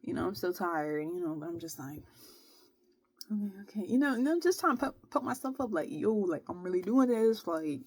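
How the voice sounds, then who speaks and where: A woman's voice: fairly low pitch, a little fast, hardly any pauses. A young woman tells her story in a loose, slangy vlog style. She keeps dropping in "bro" and "like" as she goes. The room sound is dry and close, with no echo. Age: young adult. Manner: slangy, animated retelling with frequent "bro" and "like". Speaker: vlogger.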